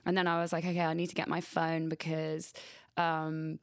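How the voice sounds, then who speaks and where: Low gravelly young woman chatting on radio. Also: monotone, moderate pace, dry recording, clean studio sound. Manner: rambling, frequent "like" and swearing. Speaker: radio host. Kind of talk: casual chat. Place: radio studio.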